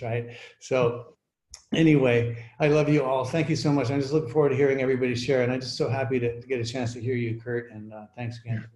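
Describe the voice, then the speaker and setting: A man's voice: medium pitch, a little mellow. Reflective man, echoey call audio. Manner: halting, reflective, many "you know" fillers. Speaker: recovery meeting speaker. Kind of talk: personal sharing at an online recovery meeting.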